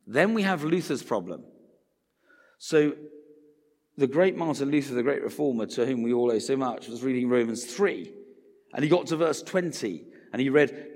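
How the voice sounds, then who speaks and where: A man preaching a sermon in a conversational way, acting out the voices he quotes. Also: medium pitch. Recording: reverberant hall.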